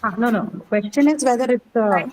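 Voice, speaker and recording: A woman's voice: a little high, a little fast, darkish tone, a little hiss or hum, rough recording. A woman teaching an English class, patiently repeating words and quizzing students on word stress. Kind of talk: classroom lesson.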